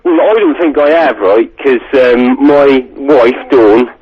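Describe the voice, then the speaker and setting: A man's voice: mid-range voice, takes it slowly, slightly rough. A man from Suffolk with a Suffolk accent, phoning in to a radio show and chatting in a rambling way. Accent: Suffolk English. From Suffolk, England. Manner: rambling, chatty, says "you know what I mean". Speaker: radio caller. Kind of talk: phone-in chat. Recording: dull lo-fi radio recording.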